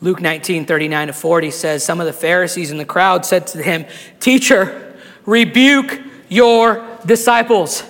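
A man, a pastor, delivering an impassioned sermon to a live congregation, building up to shouts and often restarting phrases. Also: high voice, normal speed, big-room sound. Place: church sanctuary with a live congregation.

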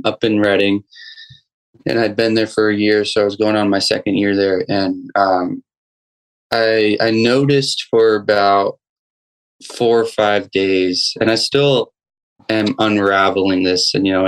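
A young man, a guest musician, telling a personal story in a casual interview, halting with many restarts and fillers. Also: lowish voice, steady tone, clear, resonant tone, poor audio.

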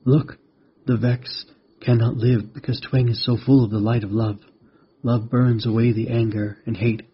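A man voicing a calm, wise glowing mantis guardian in a storybook, speaking gently and explaining patiently. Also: mid-range voice, moderate pace, slightly rough. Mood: warm. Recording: dull lo-fi recording.

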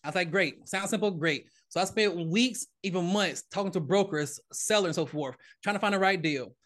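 A man with a notably high voice talking at a quick clip as a guest on a podcast. He tells his story in an animated, casual way, repeating and restarting words as his thoughts race ahead. He sounds like an everyday father chatting openly. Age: adult, married father. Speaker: podcast guest, real estate investor.

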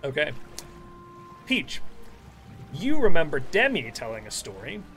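A man's voice: a little slow, faint music behind. A man narrating vividly as game master of a tabletop game. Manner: vivid descriptive narration with lively pitch.

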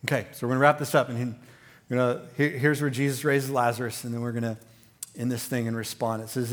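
A male pastor with a mid-range voice preaches a sermon at a quick pace, speaking conversationally with many fillers and restarts and growing more animated as he goes.

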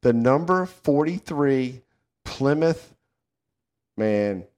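A middle-aged man from the American South hosts a casual chat show. He talks with a Southern accent, swears freely, laughs often, and his pitch swings widely. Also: animated, drawn-out words, darkish tone. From southern United States. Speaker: podcast co-host.

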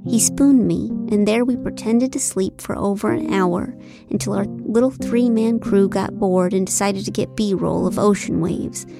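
A woman narrating a comic novel in the first person, with a deadpan, wry delivery. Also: medium pitch, unhurried, creaky, loud music behind the voice. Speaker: audiobook narrator.

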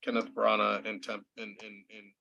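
A man co-hosting a podcast in casual chat, relaxed and joking. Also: lowish voice, moderate pace, creaky, muffled recording.

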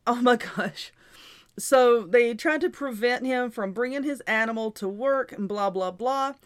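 A woman's voice: fairly high pitch, unhurried, smooth. Chatty woman reading aloud. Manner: chatty, laughs between items, reads aloud with asides. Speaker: host. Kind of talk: casual chat reading an article.

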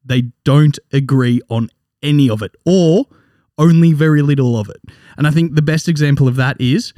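A man's voice: fairly high pitch, normal speed, mellow, no room sound, studio quality. An Australian man in his twenties hosting a casual sports podcast, chatty and joking with his guests. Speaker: podcast host.

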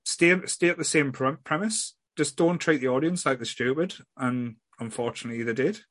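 A man's voice: mid-range voice, moderate pace, dry recording. A man hosting a podcast in casual chat, rambling with restarts and blunt swearing. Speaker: podcast host.

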